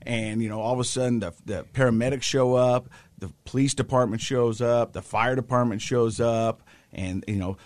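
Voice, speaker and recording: Animated male storyteller, dry close sound. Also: mid-range voice, moderate pace, no echo. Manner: animated storyteller, acts out the people in his story. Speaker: co-host. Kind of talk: casual chat.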